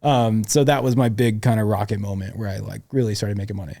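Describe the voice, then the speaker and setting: A man's voice: fairly low pitch, fairly even intonation, fast talker, creaky, dark tone. A young adult man, a podcast guest, tells his sales career story in a casual, slangy way with plenty of swearing. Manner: slangy and profane, full of "dude" and "like".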